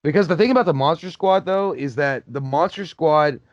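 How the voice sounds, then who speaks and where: A man's voice: on the high side, a little fast, dry recording, dull audio. A man hosting a casual movie commentary, joking and cursing as he riffs on the film.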